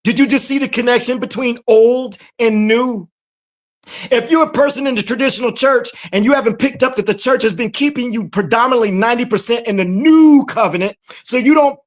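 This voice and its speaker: A mid-pitched podcast host delivers fiery scripture commentary with a lively, swooping pitch. The host fires off rhetorical questions and repeats words for emphasis. Quiet, hushed asides give way to sudden shouts.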